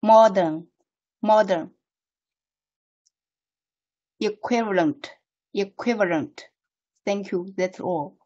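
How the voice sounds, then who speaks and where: Slow, polite woman student. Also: mid-range voice, mellow. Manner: polite and careful. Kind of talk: pronunciation drill. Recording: muffled online call audio.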